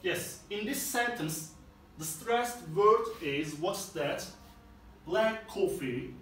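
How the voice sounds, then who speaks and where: A man teaching an English lesson, explaining each answer step by step in a slow, careful way. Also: high-pitched, expressive, a little hiss or hum. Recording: echoey room from far off.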